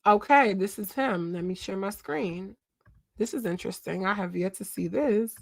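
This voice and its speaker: Woman in her twenties, from Philadelphia, chatty livestream host, mid-pitched voice, dry sound. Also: moderate pace, vocal fry, dry recording. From Philadelphia, USA. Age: 20s. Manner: chatty, talks to chat, trails off and searches aloud. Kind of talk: casual gossip livestream.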